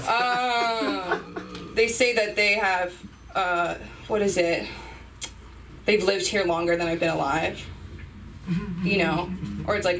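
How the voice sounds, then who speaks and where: Performing stand-up while hosting an open mic, a young woman rambles loosely and pokes fun at herself, letting out sudden yelps. She speaks in a mid-range voice without hurrying. It's a noisy comedy club, and she's far from the mic.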